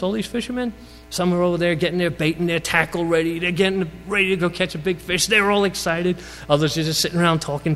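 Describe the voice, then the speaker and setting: A Brooklyn-accented male preacher delivers a storytelling sermon in a high, very lively voice that swings up and down. His words carry a long reverb from the hall, with faint music and mains hum underneath. He often asks the congregation questions as he goes. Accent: Brooklyn New York. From Brooklyn, New York. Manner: storytelling, asks the audience questions, rises and falls in pitch for emphasis.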